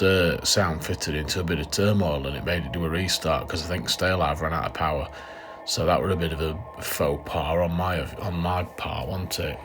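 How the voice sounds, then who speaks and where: Deep-voiced man rambling. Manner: rambling, jokey, lots of fillers. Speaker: model railway vlogger. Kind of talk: casual voice-over narration. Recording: noisy background ambience.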